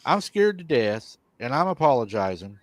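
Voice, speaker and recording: A man's voice: medium pitch, sing-song, normal speed, dry recording. Dry-voiced man retelling a tale. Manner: retells a viewer's account, quoting him at length. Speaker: host. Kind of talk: live show storytelling.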